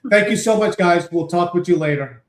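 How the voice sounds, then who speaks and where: High-voiced male host in an echoey room. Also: brisk, a little hiss or hum. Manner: blunt, wry, addresses viewers as guys. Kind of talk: casual political chat.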